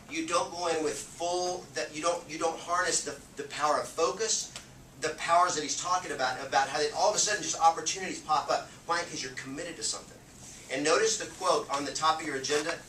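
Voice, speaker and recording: A real estate sales trainer delivers an energetic, punchy motivational talk to a live audience in a meeting room, repeatedly checking in with "okay?". His voice is a little high, and the recording is echoey, distant, and noisy.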